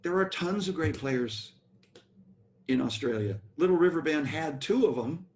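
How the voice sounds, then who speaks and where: An older American man, a bass player, telling rambling stories about his career in an interview. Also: animated, normal speed, a little mellow, a little hiss or hum. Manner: rambling anecdotal storytelling with restarts. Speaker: guest musician, bass player. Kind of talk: storytelling interview.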